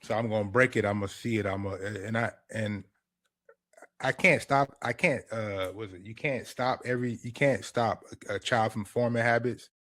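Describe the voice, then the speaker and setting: Deep-voiced man, casual podcast host. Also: normal speed, dry recording. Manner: animated, laid-back storytelling with repeated restarts. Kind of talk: casual chat.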